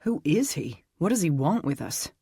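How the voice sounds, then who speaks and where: A man's voice: on the high side, big pitch swings, normal speed, creaky, dark tone, slightly rough, dry recording, studio quality, exaggerated voice. Narrator doing a wisecracking Texan man. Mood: wry. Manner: joking, wry.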